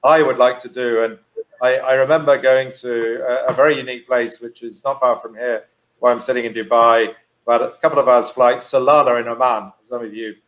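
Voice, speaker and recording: Hotel executive, male, mid-pitched, measured and a little hesitant. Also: fairly even intonation, low-quality recording. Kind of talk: casual roundtable chat. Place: Dubai.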